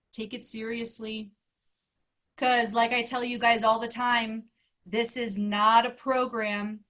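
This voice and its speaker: Slow, earnest woman life coach. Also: fairly high pitch, a bit bright. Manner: earnest, emphatic, repeating questions. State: emotional, close to tears. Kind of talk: motivational talk to a group.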